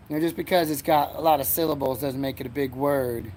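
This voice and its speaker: A man's voice: medium pitch, quick pace, few pauses, a little mellow, slight background noise. Male host, meandering and self-mocking, recorded outdoors on a porch with faint ambience. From Erie, Pennsylvania, USA. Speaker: podcast host. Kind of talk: rambling solo comedy podcast.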